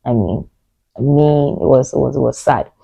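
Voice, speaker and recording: A woman's voice: very deep voice, normal speed, creaky, mellow, breathy edge, dry recording, low-quality recording. A woman giving a casual movie review, retelling scenes emotionally with lots of fillers.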